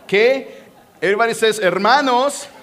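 A man with a Spanish accent preaching a sermon as a pastor, animated and joking with the congregation. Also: very high-pitched, moderate pace.

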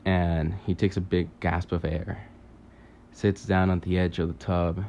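Man, very low gravelly voice, dark tone, rambling storytelling, dull lo-fi recording with faint noise. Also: little pitch movement. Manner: halting, many fillers and restarts, swears casually. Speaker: podcaster recounting a dream.

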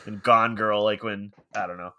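Bright-voiced man, rambling casual chat. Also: lowish voice, fairly even intonation, normal speed, muffled recording. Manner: rambling, laughs often, heavy use of "like". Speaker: podcast co-host.

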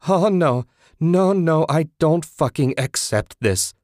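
A man's voice: fairly high pitch, animated, slow, a little mellow, dry recording, clean studio sound, voice pushed up. A man voicing a distraught young female college student in an audiobook, pleading and screaming in shock.

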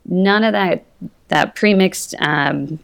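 Low, gravelly-voiced woman guest. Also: takes it slowly. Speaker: podcast guest. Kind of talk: casual interview chat.

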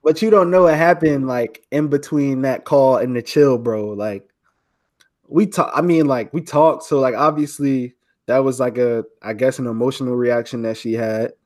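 A man's voice: medium pitch, moderate pace, a little mellow. A young man co-hosting a podcast, telling a story in loose, slangy casual chat with many fillers. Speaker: podcast co-host.

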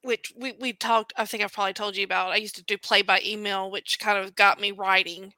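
A woman's voice: medium pitch, level tone, a little fast, pushed and bright, no echo, low-quality recording. A woman hosting a podcast interview over a video call, chatting and telling rambling stories. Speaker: podcast host. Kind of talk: casual interview chat.

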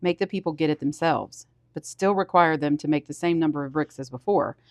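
A man, a pastor, reading scripture aloud steadily with small restarts, and getting louder on the commands. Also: fairly high pitch, fairly quick, no room sound, clean studio sound.

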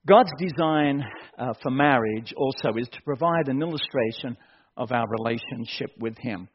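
A man preaching a sermon as pastor, joking and building to excited shouts. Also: mid-range voice, normal speed, husky, lo-fi sound.

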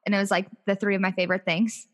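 A woman's voice: medium pitch, level tone, quick pace, a bit bright. A woman co-hosting a podcast in casual chat, chatty and laid-back with casual swearing. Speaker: podcast co-host.

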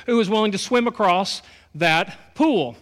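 A wealthy old West Texas rancher booms out his offer in a grand, hearty way, voiced by a preacher. The voice sits high. It rings in a long church reverb. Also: unhurried, fairly bright tone.

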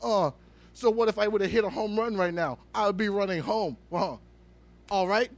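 A man puts on a petulant male ballplayer who whines in a strained, squeaky voice, well above his usual pitch. It is a mocking comedy impression in casual podcast talk, pushed out louder than the chat around it. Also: moderate pace. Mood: whiny taunting. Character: whiny petulant adult male ballplayer, taunting.

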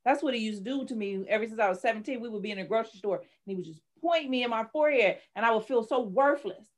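A woman's voice: a little high, fast talker. Candid woman telling her story. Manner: candid, dramatic retelling, rising to shouts when reliving anger. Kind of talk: personal testimony in an interview.

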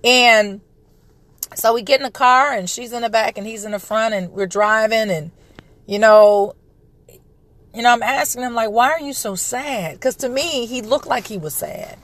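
Chatty mom, a bit hoarse. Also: female voice, on the high side, normal speed, a bit bright, no echo. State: recovering from a respiratory illness, throat clearing. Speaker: podcast host, parent. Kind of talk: casual monologue.

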